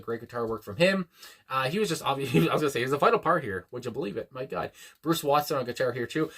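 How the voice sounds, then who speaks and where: Male reaction host, mid-pitched and bright, earnest and rambling with lots of ums. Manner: rambling, hesitant, many fillers and restarts; earnest and reflective. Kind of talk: casual spoken reaction.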